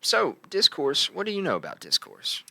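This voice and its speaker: A young podcast host from Logan tells stories playfully in a casual chat, tagging lines with "right?" His voice sits on the high side with wildly swooping pitch, normal speed, a creaky quality and a sharp tone, with no echo.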